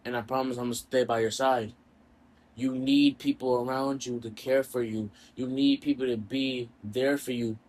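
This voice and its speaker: Man voicing a gentle young cartoon heroine, soft and comforting. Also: mid-range voice, fairly even intonation, slow, pitched below the performer's own voice. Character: gentle young cartoon woman, caring and reassuring.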